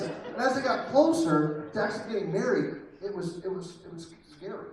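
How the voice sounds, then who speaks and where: A man's voice: high voice, expressive, fairly quick. A man in his thirties performing a self-deprecating stand-up comedy set with crowd work, recorded live from a distance with an audience. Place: live venue with audience laughter. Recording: echoey room mic'd from far off, crowd audible.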